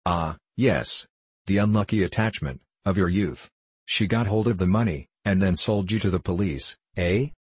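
A man's voice: deep voice, normal speed, husky, no echo. A man reading the part of a mocking, condescending middle-aged diplomat, speaking sharply and cynically. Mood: sneering.

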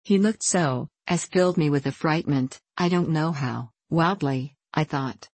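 A woman narrating a classic novel as an audiobook, in a measured, earnest reading. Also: low-pitched, darkish tone, no echo.

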